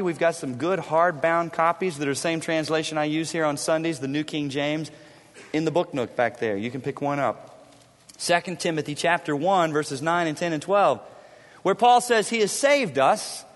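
High-voiced man preaching in echoing hall. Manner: emphatic, repeats key lines, swings between loud stress and hushed drops. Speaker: pastor. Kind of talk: sermon. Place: church sanctuary.

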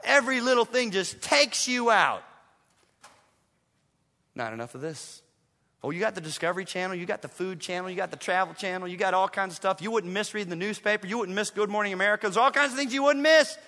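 A man preaching a sermon to his congregation, animated and acting out his listeners in quoted voices. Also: high-pitched, a little fast, big-room sound. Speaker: pastor. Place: church sanctuary.

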